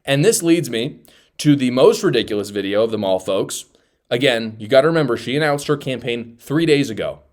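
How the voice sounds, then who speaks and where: A man's voice: mid-range voice, animated, fairly quick. Blunt, mocking male political host. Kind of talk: opinionated political commentary.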